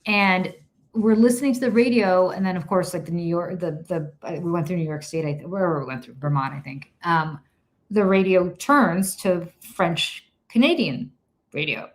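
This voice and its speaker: A middle-aged woman with a slightly low voice tells a lively story to her co-host. She laughs often and swears freely. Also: moderate pace. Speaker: podcast co-host. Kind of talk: casual chat.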